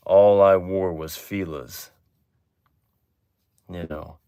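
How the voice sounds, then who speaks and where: Deep-voiced man chatting on a livestream. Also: very slow, clear, resonant tone, no echo, studio quality. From Texas. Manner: relaxed, chatty, drifting from low mumbles to excited bursts. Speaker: livestream host. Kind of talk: casual livestream chat reading comments.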